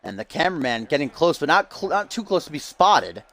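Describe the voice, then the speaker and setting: A man doing play-by-play wrestling commentary, hyping the match with dramatic, drawn-out rhetorical questions. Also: a little high, very animated, a bit bright, rough recording.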